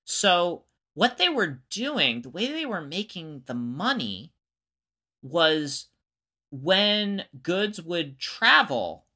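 Podcast co-host, long-winded explainer, mid pitch, bright voice. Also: sing-song, extremely slow. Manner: explains at length, restarts and circles back. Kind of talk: casual explanatory chat.

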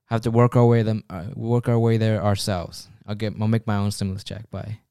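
A podcast co-host rambles through a casual show, joking at his own expense and frequently restarting sentences. His fairly low, warm voice stays level and runs a little fast, captured cleanly with studio quality and no room sound.

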